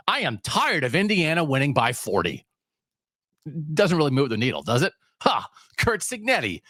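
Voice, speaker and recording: A man's voice: medium pitch, a bit bright, no echo, studio quality. A man hosting a sports talk podcast, delivering a sarcastic, emphatic solo rant.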